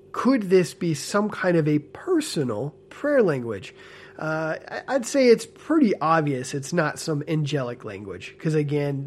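A man in casual spoken commentary, animated and earnest with a smile in his voice, often checking in with "okay?" and "right?". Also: fairly high pitch. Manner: animated, frequent tag questions like "okay?" and "right?"; talks with a smile, amused and earnest. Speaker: ex-church member commentator.

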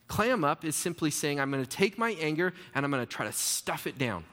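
A man's voice: a little high, very animated, brisk, a bit bright, long reverb tail. A man preaching a sermon as pastor, earnest and conversational, asking the listeners questions.

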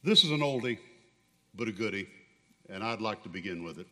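Man pastor, sermon, deliberate, very lively inflection, church hall reverb. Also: on the low side.

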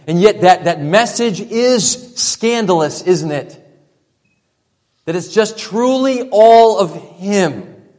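A male pastor preaching a sermon, emphatic, dropping to a hush for effect and piling up repeated phrases. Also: sits high. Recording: long reverb from a large hall.

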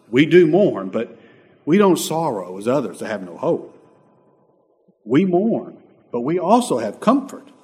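A man preaching a sermon as a pastor, swinging between loud emphatic lines and soft, quiet asides. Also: medium pitch, husky, big-room sound.

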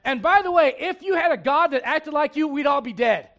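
Pastor, male, high voice, lively preaching with jokes and acted quotes. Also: fairly quick. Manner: animated, humorous, laughing asides, acts out quotes. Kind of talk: sermon.

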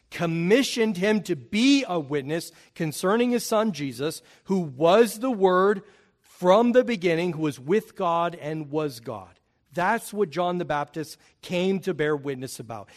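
Delivering a sermon to his flock, a pastor builds emphasis, raising both pitch and volume whenever he hammers home an important point.

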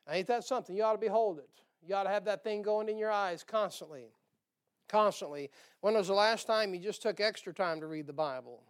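Preacher guy with a high smooth voice, folksy and jokey, keeps asking the crowd amen. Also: fairly quick. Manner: folksy, joking, with rhetorical questions to the congregation; chuckles between points. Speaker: pastor. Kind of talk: sermon.

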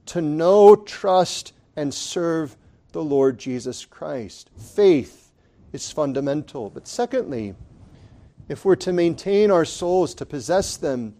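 A man preaching to his congregation in an earnest, pleading sermon style. His voice sits somewhat high for a man, and he swells into impassioned emphasis before easing back to a quieter, teaching tone. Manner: addresses congregation as brethren.

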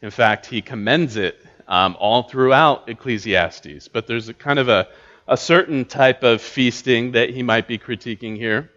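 Halting man teaching scripture. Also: medium pitch, a bit bright. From United States. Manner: thoughtful, halting, many filler words and restarts. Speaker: pastor teaching a church class. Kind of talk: Bible teaching talk. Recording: dull lo-fi recording.

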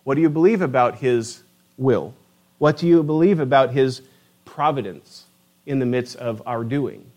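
A man preaching a sermon, animated and emphatic, asking his listeners rhetorical questions. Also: medium pitch, normal speed. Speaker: pastor.

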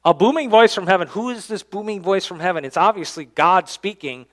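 High-voiced man preaching a dynamic sermon. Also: a little fast, hardly any pauses. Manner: dynamic preaching, swings from loud emphasis to quiet, low endings; reads scripture aloud in King James wording. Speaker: pastor. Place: church sanctuary.

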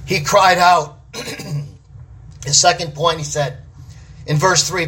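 A man's voice: fairly high pitch, steady tone, slow, bright, forceful tone, far from the mic. A man preaching a sermon with an emphatic, repetitive cadence.

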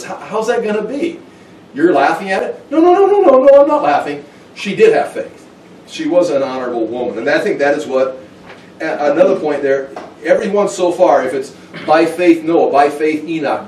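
A man teaches scripture in a loose, conversational sermon, acting out short quoted exchanges. His voice sits at a middling pitch and sounds a little distant from the mic. The room rings with echo. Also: a little mellow, a little hiss or hum. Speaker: preacher teaching a Bible study.

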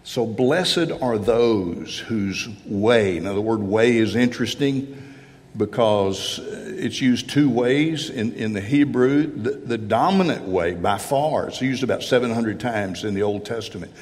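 A man preaching a sermon, slow and halting, with repeated words and stresses on key phrases. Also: on the low side, darkish tone. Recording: long reverb of a large hall.

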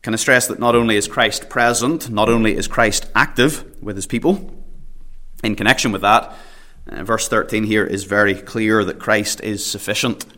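A man's voice: on the low side, steady tone, moderate pace, bright, forceful tone. A pastor preaching at a church prayer meeting, earnest, reading scripture in old King James wording and often repeating a word as he starts a phrase. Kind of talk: sermon.

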